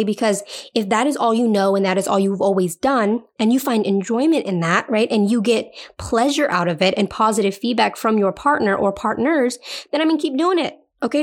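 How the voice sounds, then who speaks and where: A woman hosting a podcast in a casual solo chat, playful and chatty, often checking in with the listener. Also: a little high. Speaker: podcast host.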